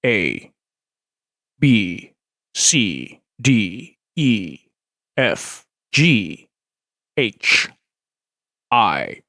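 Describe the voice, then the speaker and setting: A man doing a booming menacing villain voice. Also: big pitch swings, gravelly, pushed and bright, dry recording, studio quality, full character voice. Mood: solemn. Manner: slow, heavy, solemn delivery. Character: deep, booming menacing villain impression, male adult. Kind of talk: impression of a famous deep voice.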